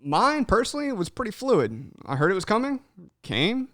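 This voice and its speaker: A young man hosts a casual podcast, his fairly high voice swinging all over the place as he talks. He swears freely and tags "man" onto his sentences. The sound is dry, with no room around it. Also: normal speed, no room sound. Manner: animated, swears freely, says "man" a lot. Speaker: podcast host. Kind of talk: casual chat.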